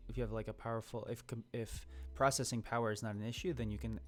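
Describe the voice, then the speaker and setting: A man's voice: mid-range voice, fairly even intonation, quick pace. A young man co-hosting a casual live stream, thinking aloud about code with many fillers and restarts. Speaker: co-host.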